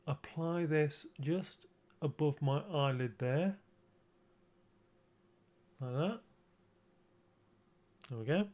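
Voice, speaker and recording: Slow, rambling male streamer. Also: a little high. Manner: rambling and self-mocking, with repeated restarts. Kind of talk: casual livestream chat during a makeup tutorial.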